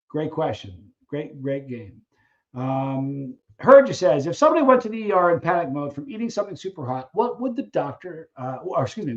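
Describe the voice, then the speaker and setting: A man with a fairly high voice hosts a casual live Q&A stream. He tells stories with lots of energy, doing the voices of the people involved, and he often trips up and restarts. The audio sounds slightly dull and lo-fi.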